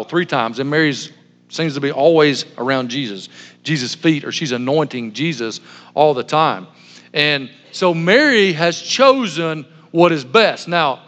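A man's voice: fairly high pitch, a bit bright. A man pastor giving a sermon, telling stories in a humorous, self-deprecating way. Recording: long hall reverb.

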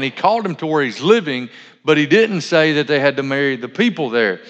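A man's voice: fairly high pitch, expressive, a little fast, fairly bright tone. A man preaching a sermon as pastor, conversational and full of asides and self-corrections. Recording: dull lo-fi sound in a reverberant hall.

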